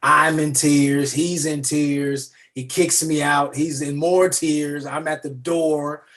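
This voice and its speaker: A man's voice: fairly high pitch, slow. A man on a video call from a room at home, chatting as an interview guest and animatedly acting out the voices in his story. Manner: animated storyteller who acts out quoted voices. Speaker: nominated actor guest. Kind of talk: casual interview chat.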